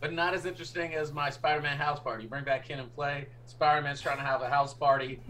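A man's voice: fairly high pitch, steady tone, fast, bright, forceful tone, slight background noise. A man co-hosting a casual podcast chat, enthusiastic and laughing often. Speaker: podcast co-host.

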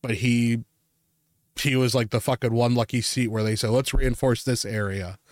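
A man's voice: medium pitch, steady tone, normal speed, a little mellow, no room sound. A man, a podcast co-host, telling a personal ghost story in a casual, profane, rambling way.

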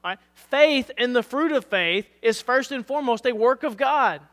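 Pastor, male, hoarse, earnest sermon delivery, bright tone in a reverberant sanctuary. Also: very high voice, animated, normal speed. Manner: earnest preaching, reads scripture aloud, asks "All right?". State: losing his voice.

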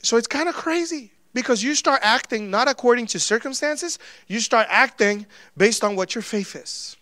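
Casting note: male pastor with a high voice, preaching casually with sudden loud and soft swings, dry close sound. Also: lively intonation, moderate pace, no echo. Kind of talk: sermon.

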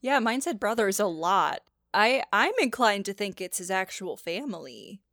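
A woman's voice: mid-range voice, sing-song, normal speed, fairly bright tone, no echo, clean studio sound. A woman co-hosting a podcast in casual chat, bubbly and talkative, swearing casually. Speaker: podcast co-host.

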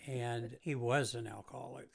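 Man, medium-pitched voice, podcast co-host, relaxed anecdotes, casual chat. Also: normal speed, creaky, slightly rough.

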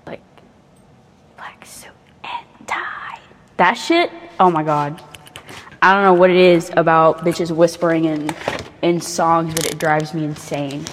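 A young woman with a somewhat low voice rambles through a casual crafting vlog from her bed, swearing freely and laughing at herself. She talks close to the mic, with a faint hiss behind her. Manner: rambling, profane and self-mocking. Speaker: vlogger. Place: bedroom, painting on her bed.

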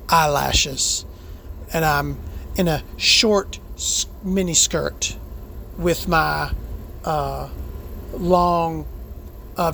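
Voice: medium pitch, gravelly, pushed and bright, a little hiss or hum. A performer voicing a brash, profane trans woman podcast host, ranting and rambling in a comedic monologue.

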